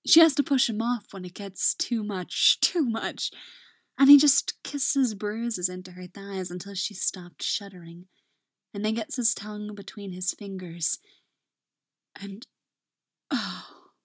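A woman narrating a romance story in a soft voice that drops into whispers. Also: mid-range voice, takes it slowly, no room sound, studio quality.

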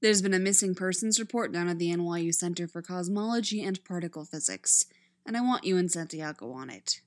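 A woman reading fan fiction aloud, voicing a stern, stately man, a police captain, speaking slowly, flatly and commandingly. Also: fairly low pitch, lightly acted. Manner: slow, flat, commanding.

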